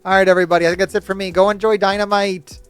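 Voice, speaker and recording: A man's voice: sits high, little pitch movement, rapid-fire, over music. A man hosting his channel, ranting casually and animatedly, laughing often and slipping into mocking impressions. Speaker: host. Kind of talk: casual opinionated rant.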